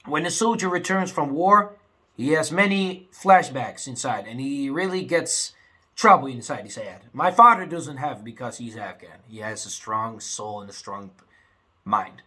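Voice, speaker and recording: A young man talking casually to his viewers, swinging between angry outbursts and low, sad muttering, full of "you know" and "man". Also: expressive, unhurried, sharp tone, breathy edge. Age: young adult. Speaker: vlogger. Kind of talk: casual rant to camera.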